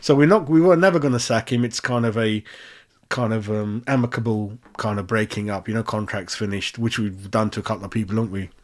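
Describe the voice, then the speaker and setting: A man's voice: fairly low pitch, fairly even intonation, a little fast. A man hosting a casual match-reaction chat, chatty and ranting with plenty of swearing. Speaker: fan channel host.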